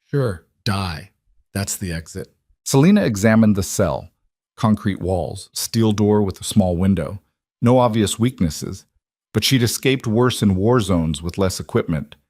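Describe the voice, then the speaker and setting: A man narrating a scripted drama story in a slow, dramatic reading. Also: on the low side, lively intonation, darkish tone, no room sound, studio quality.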